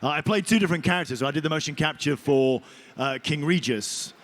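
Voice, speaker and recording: Male actor at a convention panel, animated anecdote-teller, voice sits a little high. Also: fast talker. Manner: animated, chatty storyteller. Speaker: voice and motion capture actor.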